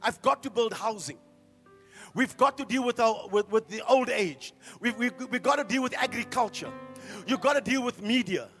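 A middle-aged man preaching a sermon as a pastor, firing off rhetorical questions and swinging from hushed to loud. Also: very high-pitched, moderate pace, faint music behind.

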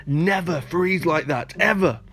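A noble stag father, stern yet gentle, speaking with quiet authority and a lively rise and fall in his voice, as a storyteller puts him on. It is a storybook voice, with faint guitar music behind. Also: on the high side, unhurried, voice pushed up. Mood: scolding.

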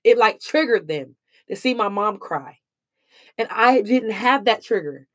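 A woman's voice: mid-range voice, animated, measured pace. Earnest slangy woman giving life lessons. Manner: earnest, preachy, slangy and emphatic. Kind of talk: emotional personal monologue.

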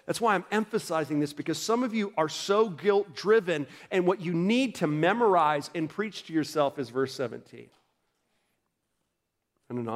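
A man preaching a sermon in a conversational style, acting out quoted voices and building to emphatic peaks. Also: sits high. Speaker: pastor.

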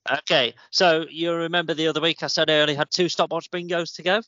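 A man's voice: fairly high pitch, steady tone, quick pace, bright, forceful tone, no echo. A man co-hosting a casual podcast, chatting and telling stories about his week. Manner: chatty storyteller. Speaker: podcast co-host. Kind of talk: casual chat. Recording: slightly muffled dry recording.

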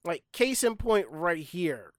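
A man's voice: high voice, lively intonation, slow. A man chatting bluntly and profanely as a podcast co-host. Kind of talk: casual chat.

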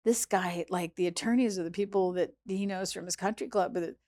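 A woman chef, a guest in an interview, telling a story in a lively way, acting out what people said and swinging between hushed and loud. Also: on the low side, brisk. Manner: animated, acts out quoted voices, swings between hushed and loud. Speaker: chef and restaurant founder, guest.

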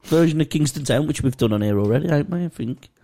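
A man's voice: a little high, expressive, fast talker, dark tone. A man co-hosting a casual podcast, trading sweary, teasing banter with friends and laughing often. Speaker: podcast co-host.

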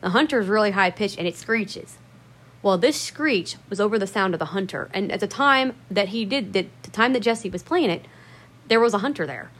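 A woman's voice: medium pitch, expressive, fairly quick, fairly bright tone. Foul-mouthed woman telling a rambling story. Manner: profane, rambling and emphatic. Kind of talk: casual spoken storytelling.

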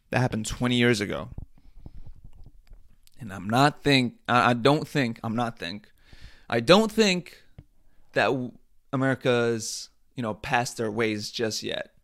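A man hosting a podcast, talking in a casual comedic rant, animated and profane, rambling with frequent restarts. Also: medium pitch, a little slow, long pauses. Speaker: podcast host.

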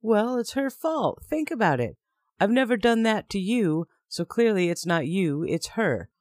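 A man's voice: high-pitched, very animated, a little slow, no echo, clean studio sound, voice pushed up. A man voicing a defensive, volatile adult male partner who talks in a raised, accusing, self-pitying way. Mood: pleading.

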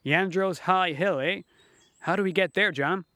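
Domineering rich man, boastful and impatient, read by a male narrator; slightly high voice. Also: a little slow, pushed and bright, no echo. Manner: boastful, sneering.

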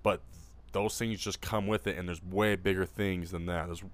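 Man, low voice, casual podcast co-host, rambling, profane, acts out quotes. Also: fairly even intonation, moderate pace. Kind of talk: casual chat.

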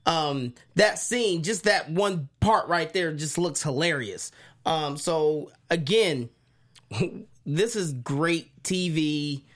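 A woman with a lowish voice co-hosts a casual TV recap. She banters playfully with slangy asides and jokey impressions. The talk stays loose and chatty. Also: slow pace. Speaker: co-host.

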